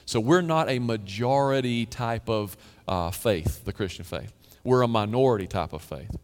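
A male pastor preaching a sermon in a conversational way, with sudden emphatic rises and quiet drops. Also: mid-range voice, moderate pace, hardly any pauses. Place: church sanctuary. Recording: long church hall reverb.

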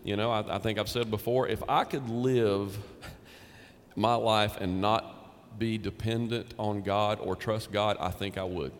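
A man's voice: on the low side, fairly even intonation, a little slow, in a large hall. A man, a pastor, preaching a sermon in a conversational way with emphatic repetition.

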